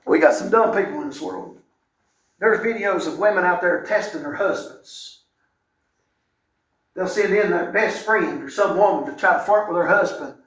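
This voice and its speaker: A middle-aged man preaching a sermon as a pastor, folksy and animated, with wry asides. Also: high-pitched, normal speed. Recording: echoey room sound.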